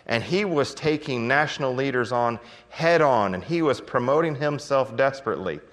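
A man's voice: medium pitch, lively intonation, normal speed, fairly bright tone. Man, pastor, sermon, folksy storytelling, chuckles, long hall reverb.

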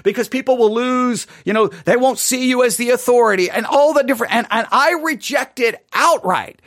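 A man with a very high voice preaching a sermon with raw passion. He stumbles into restarts and breaks into sudden shouts. The sound is dry, recorded close with almost no room around it. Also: dry recording. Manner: impassioned, stammering restarts, bursts of shouting. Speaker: pastor.

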